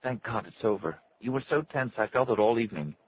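Man doing worried young woman, soft, tender, slightly higher voice. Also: expressive, fairly quick, lo-fi sound, a little hiss or hum, natural voice. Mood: anxious.

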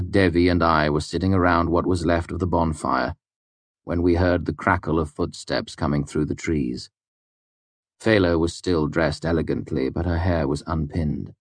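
A man with a very low, deep voice reads an audiobook in a steady, measured way. The recording is dry and close, with no room sound. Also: no echo. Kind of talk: scripted audiobook narration.

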